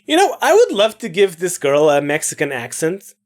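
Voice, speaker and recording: A woman who plays through a game and comments casually, chatty and quick to swear. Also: on the low side, huge pitch swings. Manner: chatty, swears, laughs at herself. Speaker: let's player.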